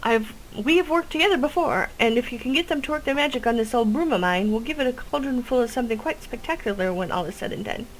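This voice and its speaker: A woman's voice: on the high side, expressive, fast, few pauses, slight background noise, voice pushed up, close to an everyday voice, low-quality recording. Woman putting on a folksy old witch. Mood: chatty. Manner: folksy, rambling, ends lines with "cha". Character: chatty old female witch brewing potions.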